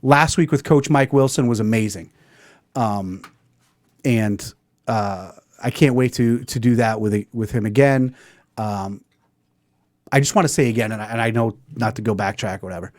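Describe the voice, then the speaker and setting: A man hosting a live show, chatting casually and joking rowdily with loud laughs. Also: lowish voice, normal speed, no room sound, clean studio sound. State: out of breath. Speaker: host.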